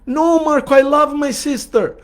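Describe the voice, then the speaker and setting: Guy doing a upset woman in her 30s, higher voice, pleading. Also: moderate pace. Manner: emphatic, protesting. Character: distraught woman in her thirties, pleading and insistent.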